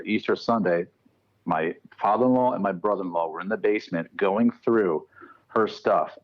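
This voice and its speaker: On a podcast, a paranormal researcher appearing as a guest tells ghost stories casually in a low voice with lo-fi sound. He's animated and acts out the quoted dialogue, giving voices to the people in his tales.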